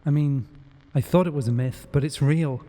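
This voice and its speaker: A man's voice: on the high side, moderate pace, dark tone, in a large hall, lightly acted. A man voicing a frightened, panicking teenage boy in a horror audiobook. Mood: scared. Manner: anxious, breathless.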